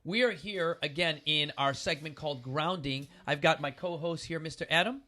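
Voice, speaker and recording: Animated high-voiced man telling a story. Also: normal speed. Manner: animated, acts out his story with sudden loud bursts. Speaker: podcast host. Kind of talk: storytelling in casual chat.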